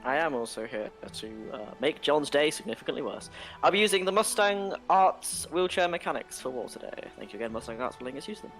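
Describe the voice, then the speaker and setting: A man's voice: fairly high pitch, animated, a little fast, fairly bright tone, soft background music. Dry teasing man. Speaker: player.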